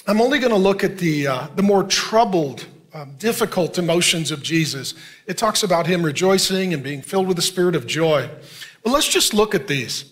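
A man's voice: high voice, expressive, moderate pace, a bit bright. A middle-aged male pastor preaching a sermon, reading scripture aloud and speaking earnestly and directly to his congregation.

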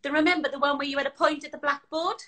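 Welsh woman, high voice, bright tone, giggly, chatty, live stream from a hotel room. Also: fairly even intonation, rapid-fire. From Wales. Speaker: guest. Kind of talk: casual live-stream chat.

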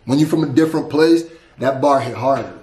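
A man's voice: mid-range voice, a little fast, darkish tone. Laid-back man reacting, echoey room. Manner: laid-back, repeats lines back and muses. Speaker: reaction video host. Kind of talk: casual reaction commentary.

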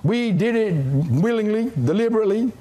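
A man's voice: sits high, animated, brisk, dark tone. A middle-aged man preaching a sermon as an assistant pastor in a church, folksy, joking and teasing the congregation between scripture readings. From South Carolina. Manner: jokey, folksy, playful with the congregation. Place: church sanctuary.

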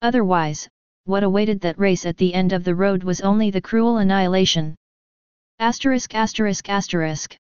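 A woman reads a web novel aloud in a steady, even narration. Her voice is exceptionally smooth and clear. The recording is dry and a little dull in the highs. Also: moderate pace, dry recording. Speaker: audiobook narrator. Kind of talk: scripted narration.

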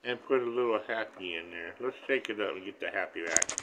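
A man doing a deadpan comic monologue, staying calm and flat while claiming to be angry. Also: fairly low pitch, fairly quick. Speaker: comedy video maker. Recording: dull lo-fi sound with faint background hiss.

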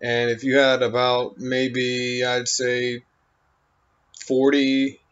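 Slow, rambling man on a dull recording. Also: medium pitch, completely flat delivery, a bit bright, smooth. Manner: halting, meandering, full of "you know" and "um". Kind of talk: rambling stream-of-consciousness monologue.

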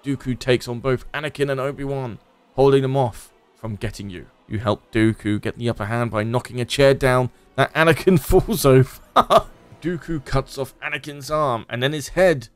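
A man's voice: medium pitch, moderate pace, smooth. A man hosting a gaming video, reading a text game aloud with sardonic, laughing commentary. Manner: sardonic, laughing at the absurd story.

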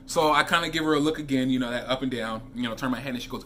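A man with a medium-pitched voice talks briskly while reviewing fragrances in a casual vlog. Animated stories and chatty asides to viewers fill his talk, with slight background noise.

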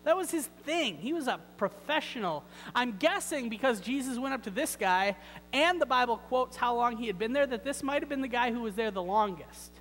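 A man's voice: very high-pitched, lively intonation, fairly quick, fairly bright tone. Guy preaching in a church, chatty and wry, lots of questions, echoey hall and faint hum. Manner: conversational and wry, with rhetorical questions. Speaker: pastor. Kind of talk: sermon. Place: church sanctuary.

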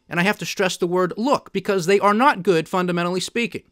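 A man delivers solo commentary in a fairly high voice, pressing his points with emphatic indignation. The sound is dry and close, with no room around it. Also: fast talker, a bit bright, no echo. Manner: emphatic, indignant, mocking quoted officials. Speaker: podcast host.

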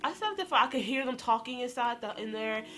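Brief: young woman vlogger, slangy and animated, talks to viewers directly, bright voice. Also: a little high, fast, soft background music. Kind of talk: storytime vlog.

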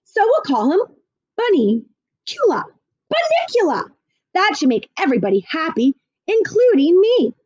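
A woman's voice: very high voice, wildly swooping pitch, measured pace, darkish tone, highs cut off, voice pushed up, heavily acted. A woman voicing a mother who settles arguments firmly and kindly. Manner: firm, soothing. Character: firm, motherly woman keeping peace.

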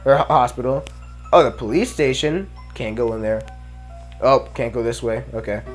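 A man's voice: mid-range voice, normal speed, faint music behind. A man giving casual let's play commentary, mumbling and thinking aloud as he explores. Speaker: gameplay commentator.

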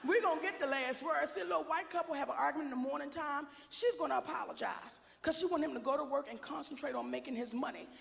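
A woman performing a stand-up comedy set, bold and sassy, shouting out her punchlines. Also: sits high, fast talker, gravelly, few pauses, big-room sound.

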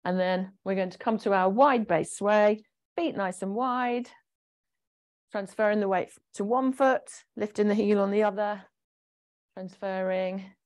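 A woman guides a gentle exercise class at a mid-range pitch. She talks in a chatty, encouraging way and explains each movement as she goes. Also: a little slow. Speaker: fitness instructor.

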